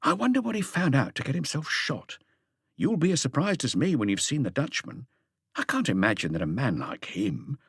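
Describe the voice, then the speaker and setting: A man's voice: mid-range voice, sing-song, moderate pace, breathy edge, no room sound, clean studio sound, pitched above the performer's own voice. A man voicing an eager, chatty police inspector reporting to his chief.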